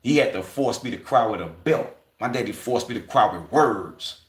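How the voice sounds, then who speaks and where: A man's voice: mid-range voice, lively intonation, normal speed, roomy sound. A man hosting a livestream, talking casually in loose, profane street slang and acting out quoted voices as he goes. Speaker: livestream host.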